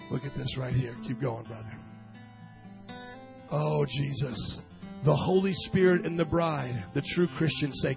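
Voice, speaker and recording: A male pastor preaching a sermon, swinging from loud shouting down to low murmuring. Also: gravelly, lo-fi sound. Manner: emotional, fervent preaching.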